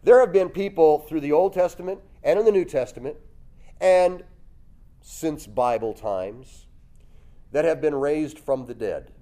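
A man preaching a sermon, telling the story lively, acting out voices and chuckling often. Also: fairly high pitch, measured pace. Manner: lively storytelling, acts out voices with loud jumps.

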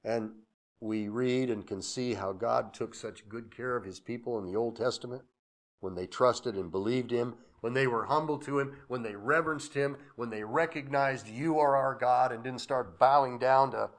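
A male pastor delivering a sermon at a middle pitch. He moves from loud, emphatic declarations down to near-whispered, reverent asides, and slips in chuckling, conversational stories between the scripture. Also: normal speed. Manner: conversational, with chuckles and acted-out anecdotes.

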